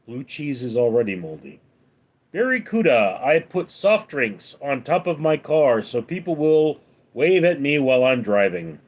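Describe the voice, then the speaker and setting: A man hosting a late-night live stream, reading viewer comments aloud and answering them with deadpan one-liners. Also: mid-range voice, a little slow. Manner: deadpan quips between read-out comments. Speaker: livestream host reading chat.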